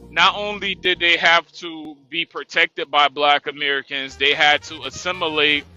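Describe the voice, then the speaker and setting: A man's voice: a little high, pushed and bright, rough recording. A man speaking on an online panel, stumbling at the start of thoughts and then explaining at length.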